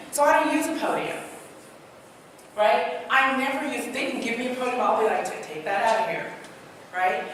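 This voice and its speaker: A woman from Trinidad giving an interactive workshop talk, animated and quizzing her audience. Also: a little high. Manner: animated, asks the audience many questions. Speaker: speaker and trainer. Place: large hall. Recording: echoey hall from far off, noisy.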